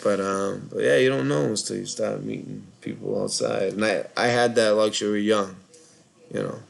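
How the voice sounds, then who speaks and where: Tired Boston-accented male call-in host, low and gravelly, loose rambling delivery. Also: fairly even intonation, normal speed. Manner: rambling, filler-heavy, lots of "like". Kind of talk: casual live call-in chat.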